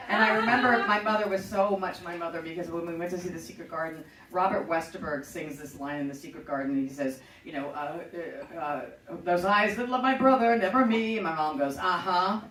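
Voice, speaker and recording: A woman's voice: sits low, fairly even intonation, fast talker, hardly any pauses, fairly bright tone, reverberant, far from the mic, poor audio. A middle-aged woman hosting a show, telling a personal story in a chatty, profane, self-mocking way. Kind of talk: casual storytelling.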